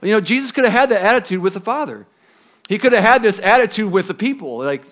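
A man preaching a sermon in a conversational, emphatic way, dropping to a hush on key phrases. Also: high-pitched, lively intonation, fast. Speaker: pastor.

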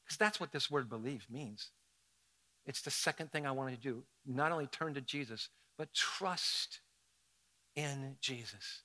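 A man, the pastor, preaching a sermon in an animated, conversational, dramatic way. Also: medium pitch, measured pace.

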